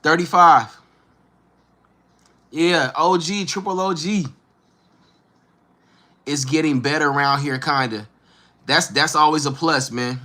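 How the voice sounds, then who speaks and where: Bright-voiced man in his thirties, slangy. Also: a little high, takes it slowly, long pauses. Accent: Northern Californian. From Northern California. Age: 30s. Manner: laid-back, slangy, talks straight to viewers. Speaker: livestream host. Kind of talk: casual live chat answering viewers.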